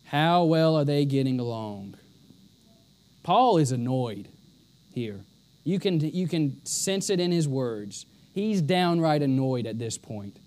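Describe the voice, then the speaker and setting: Male preacher, high-pitched voice, emphatic and repetitive delivery, sermon style. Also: lively intonation, slow, a little mellow. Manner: emphatic, repeats lines for stress.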